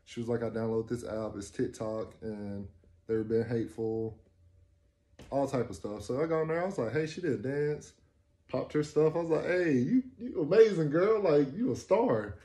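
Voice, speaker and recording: A man in his twenties casually telling a personal story to the camera, acting out quoted dialogue with rising excitement. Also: mid-range voice, moderate pace. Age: 20s. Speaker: vlogger.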